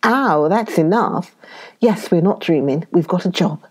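A woman voicing a lively, impulsive young woman adventurer who is quick to exclaim, in a storybook reading. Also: lowish voice, breathy edge. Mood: excited.

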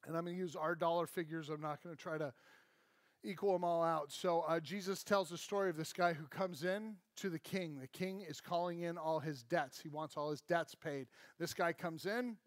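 Pastor guy preaching, high voice, dry close sound, keeps saying right?. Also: normal speed, no echo. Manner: emphatic, conversational, frequent "right?" asides. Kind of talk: sermon. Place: church.

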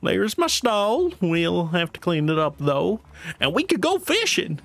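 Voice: medium pitch, sing-song, unhurried, vocal fry, a bit bright, no room sound, exaggerated voice. A streamer voicing a friendly, clumsy cartoon dog man while reading game dialogue aloud, full of "gosh" and folksy drawl. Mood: excited.

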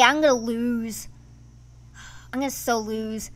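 At a measured pace and a little high in pitch, a woman provides casual let's-play commentary on her gaming channel. She comes across as excitable, with a playfully grumbling style.

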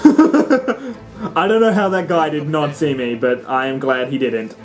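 A young man giving animated, swear-filled let's-play commentary, often squealing and shouting at the game. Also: a little high, unhurried, soft background music. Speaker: gaming let's-play host.

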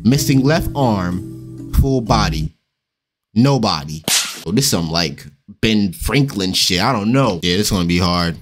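A young man giving animated, slangy let's-play commentary on a horror game, swearing and yelping when startled. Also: lowish voice, a little slow, faint music behind. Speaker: gaming YouTuber.

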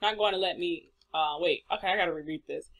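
A man's voice: high voice, fast, a bit bright. A man doing let's play commentary, reading game text aloud and joking between lines. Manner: reads game text aloud with jokes and stumbles. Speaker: let's player.

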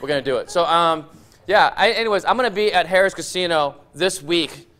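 A man doing animated stand-up in a TV studio, laughing between jokes. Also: on the high side, fairly quick. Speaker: stand-up comedian.

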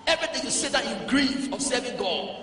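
A man with a Liberian English accent preaching a sermon as pastor, dropping to low talk and rising to shouted exhortation. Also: animated, brisk. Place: large church hall. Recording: echoey hall, distant mic, music behind.

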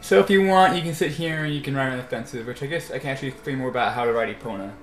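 A man's voice: medium pitch, very fast, soft background music, lightly acted. A man putting on a drawling Southern ranch hand. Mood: easygoing. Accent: American Southern, put on. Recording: roomy echo.

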